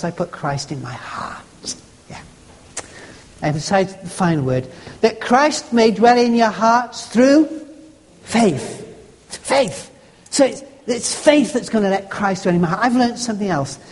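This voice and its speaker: Preacher, lively pitch, long hall echo. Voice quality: homely, conversational, musing aloud with restarts. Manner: rereads a verse slowly, stressing a new word each time. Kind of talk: devotional teaching talk. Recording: long reverb of a large hall.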